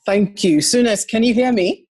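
A man in his forties speaks gently and earnestly as he introduces a poem on an online call. He sounds reflective and unhurried. The sound is dry and close. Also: high-pitched, slightly rough, dry recording. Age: 40s. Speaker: priest and poet. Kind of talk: casual introduction before a reading.

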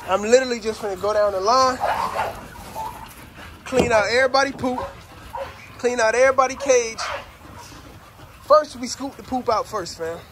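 A middle-aged man vlogging casually while doing kennel chores, talking loosely in slang, calling viewers fam and shouting at his dogs. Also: very high-pitched, normal speed, long pauses. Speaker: dog kennel owner. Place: outdoor dog yard with kennels. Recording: outdoor yard noise with dogs barking. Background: dogs barking.

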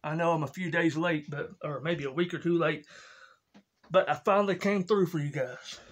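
A man hosting his own comedy video, casually introducing each sketch with slow, unpolished explanations and restarts. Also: a little high. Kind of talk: casual skit narration.

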